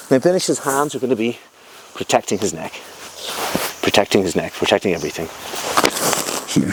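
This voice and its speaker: A man's voice: medium pitch, background noise. A man teaching a jiu-jitsu class, explaining moves while he demonstrates them on a partner and often repeating words as he goes. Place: training mat, indoors.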